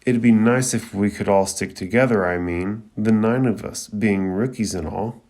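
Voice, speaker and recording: A man reading the quiet, hesitant lines of a shy, nervous teenage girl ninja. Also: on the low side, normal speed, natural voice.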